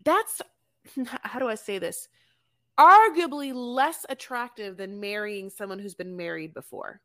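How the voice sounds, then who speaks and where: A woman's voice: medium pitch, unhurried. A woman co-hosting a podcast, chatting casually about a reality show and acting out lines from it. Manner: chatty, animated, acts out quotes from the show. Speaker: podcast co-host.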